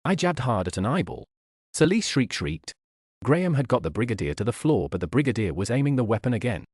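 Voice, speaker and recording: A man narrating an audiobook in an expressive, wry manner on a studio mic. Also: medium pitch, brisk, breathy edge, no echo.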